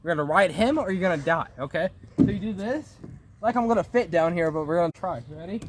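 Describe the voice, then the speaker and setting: A male vlogger gives a joking mock tutorial on an outdoor playground, filmed on a phone with plenty of background noise. He talks fast in a high voice, playful, giggly, and over-the-top.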